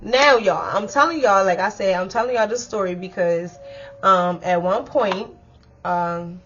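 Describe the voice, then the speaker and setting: A woman telling a story to her viewers in a casual, animated way, with lots of swearing. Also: medium pitch, measured pace, slight background noise. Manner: animated, profane, talks straight to viewers. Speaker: storytime vlogger. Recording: dull lo-fi sound.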